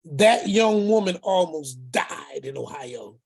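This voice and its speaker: A man's voice: on the high side, animated, takes it slowly, gravelly, a little mellow. A man telling a family story as the uncle in it, acting out each person's words and repeating phrases for emphasis. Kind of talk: storytelling talk.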